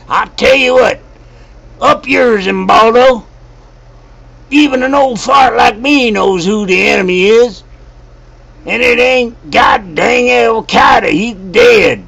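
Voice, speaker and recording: A man playing a grumpy old veteran who rants, curses and shouts angrily. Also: mid-range voice, exaggerated voice. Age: over 60. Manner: shouting, cursing, gravelly. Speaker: show character. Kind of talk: comedic rant.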